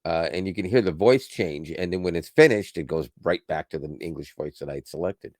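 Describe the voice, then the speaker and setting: A man's voice: low-pitched, brisk, a little mellow, dry recording, studio quality. A man co-hosting a podcast, chatting casually about tech, rambling and correcting himself as he goes and laughing often. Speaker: podcast co-host.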